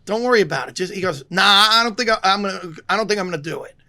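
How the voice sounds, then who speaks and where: High, gravelly-voiced man telling stories. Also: rapid-fire. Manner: lively, acts out the people he quotes. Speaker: comedian. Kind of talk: casual podcast storytelling.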